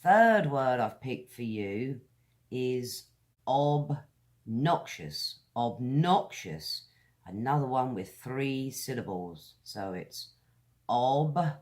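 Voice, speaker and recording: A woman with a British accent teaching English pronunciation, drawing out each word slowly and deliberately while talking straight to her viewers in a friendly way. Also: extremely low pitch, lively intonation. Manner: slow, deliberate, drawn-out words; friendly direct address to viewers. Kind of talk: pronunciation lesson.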